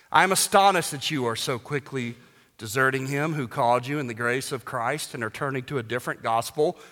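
A male pastor delivers a sermon in a bright, forceful voice. He preaches emphatically and breaks into joking asides. His voice rings out with a long reverb from a large hall. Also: medium pitch, fairly quick.

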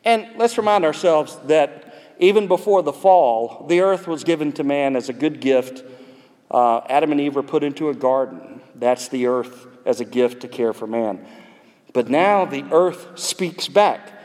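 A man's voice: a little high, measured pace, darkish tone. A man preaching an expository sermon in a conversational, digressive way, with asides to the congregation. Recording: long reverb in a large hall.

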